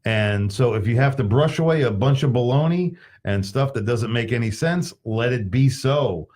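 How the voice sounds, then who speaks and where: A man's voice: mid-range voice, lively intonation, moderate pace, a little mellow. A man in his late fifties hosting a casual talk show, rambling and folksy, with many fillers. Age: 50s. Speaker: podcast host. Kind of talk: casual chat.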